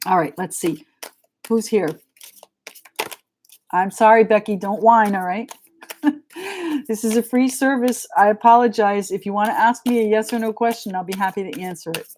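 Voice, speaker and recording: A woman's voice: mid-range voice, moderate pace, long pauses, a little mellow, slight background noise. A middle-aged woman with a New England accent giving a live tarot reading in a chatty, frank and joking way. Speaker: tarot reader.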